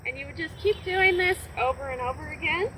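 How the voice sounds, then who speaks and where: A woman hosting a library lesson, casually explaining dog training step by step outdoors on grass and praising the dog as she goes. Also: a little fast. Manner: explains steps while training a dog, breaking into high praise for it. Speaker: library program host. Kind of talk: casual instructional demo. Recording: noisy outdoor recording.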